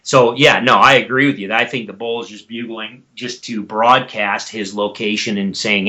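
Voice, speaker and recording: A man's voice: on the low side, fairly even intonation, moderate pace, few pauses, bright, forceful tone. A man, a guest expert on a podcast, explaining things in a methodical, teacherly way. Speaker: guest expert on elk calls. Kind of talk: explanatory interview talk.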